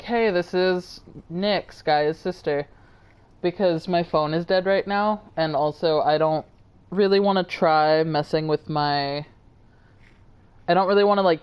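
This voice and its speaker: Low-voiced rambling woman streamer. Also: clear, resonant tone, highs cut off. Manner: chatty, rambling, warm toward viewers. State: tired. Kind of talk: casual live-stream chat.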